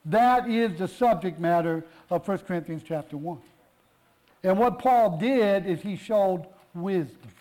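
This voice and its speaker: A man's voice: high-pitched, unhurried, warm tone, poor audio. A man preaching a sermon, pressing his point with rhetorical questions and emphatic repetition.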